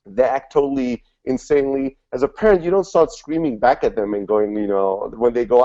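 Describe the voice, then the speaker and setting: A man in his thirties giving a panel talk on sales, energetic and full of fillers like "like" and "you know.". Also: mid-range voice, fairly quick, few pauses. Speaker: panel speaker. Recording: dull lo-fi event recording.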